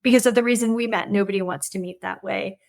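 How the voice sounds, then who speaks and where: A woman's voice: mid-range voice, fairly even intonation, fast talker, creaky, a little mellow. A middle-aged woman, a podcast guest, speaking earnestly and candidly about loss, often repeating herself as she searches for words. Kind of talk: candid conversation about grief.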